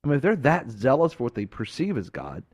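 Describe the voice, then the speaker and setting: A fervent male preacher on a talk show, his pitch leaping and falling with every point. He presses his words hard, then drops to a hush. The sound is dry and close. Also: wildly swooping pitch, fast, slightly rough, dry recording. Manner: fervent, emphatic, swinging from loud to hushed.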